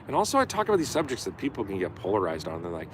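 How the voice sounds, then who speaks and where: A middle-aged man tells a story in a loose, profane rant, his voice low but jumping around in pitch. He rants on a casual live stream with faint noise in the background. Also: very fast. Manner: profane, animated, acts out yelling quotes.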